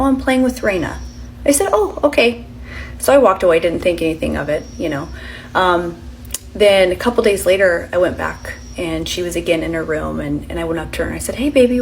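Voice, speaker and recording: A mother telling viewers a story in a chatty way, quoting her daughter in a high voice. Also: creaky, a little hiss or hum, rough recording. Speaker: social media creator. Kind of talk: casual spoken storytime.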